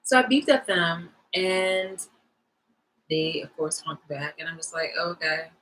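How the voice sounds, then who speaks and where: Young woman vlogger, casual rambling rant to camera, forceful tone. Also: on the low side, a little slow, low-quality recording. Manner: rambling, animated, lots of fillers.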